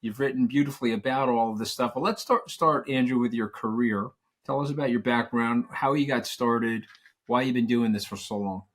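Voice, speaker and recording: A man's voice: medium pitch, a little fast. A man hosting an interview, effusive, upbeat and chatty as he introduces and thanks his guests. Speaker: host.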